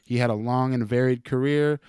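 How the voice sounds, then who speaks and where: A man's voice: medium pitch, fairly even intonation, a little fast, a little mellow, clear, resonant tone, no echo, studio quality. A man co-hosting a podcast in casual chat, joking, laughing often and swearing freely. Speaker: podcast co-host.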